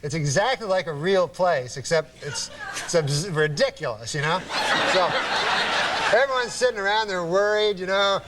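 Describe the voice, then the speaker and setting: Deadpan man rambling through a story. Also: high-pitched. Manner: deadpan, halting, filler-heavy storytelling. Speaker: talk show guest. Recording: noisy studio with audience laughter. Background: studio audience laughing.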